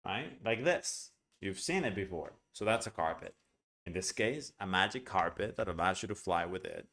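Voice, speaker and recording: A man's voice: sits low, lively intonation, moderate pace, a bit bright. A man teaching English pronunciation in an online lesson, talking casually and bluntly and checking in with "right?" as he explains. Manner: chatty, with frequent "right?" and "okay?"; blunt, opinionated asides.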